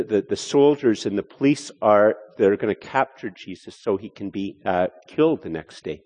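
A male preacher giving a sermon, animated and full of restarts as he voices a skeptic's objections. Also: medium pitch. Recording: hall reverb.

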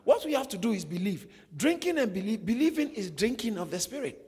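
A male preacher delivers his sermon in a high, lively voice, asking rhetorical questions and laughing at his own jokes. His tone is a little husky, and long reverb from a large hall trails behind his words. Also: a little fast.

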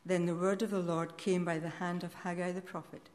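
Woman reading scripture, low voice. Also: little pitch movement, darkish tone. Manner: measured, solemn reading. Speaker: scripture reader.

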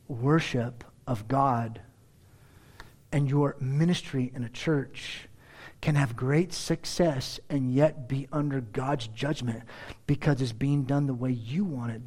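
A man preaching a verse-by-verse sermon with sarcastic asides and rhetorical questions, swinging between loud exclaims and hushed asides. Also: medium pitch. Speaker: pastor. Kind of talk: expository sermon.

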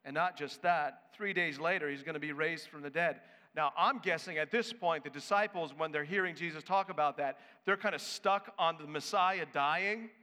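Sex: man. Role: pastor. Style: sermon, emphatic and conversational. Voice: high. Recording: echoey hall. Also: moderate pace, few pauses, pushed and bright.

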